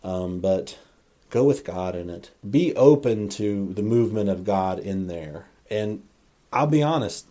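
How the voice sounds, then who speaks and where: Low, mellow-voiced man musing earnestly. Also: expressive, unhurried. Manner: rambling, earnest, self-correcting with many restarts. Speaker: podcast host. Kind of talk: faith podcast monologue.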